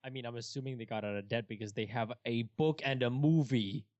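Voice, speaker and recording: A man's voice: mid-range voice, fairly quick, a little mellow, dry recording, lo-fi sound. Easygoing young man, dry close sound. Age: young adult. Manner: easygoing, agreeable, playful retelling. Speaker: podcast co-host. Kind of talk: casual chat.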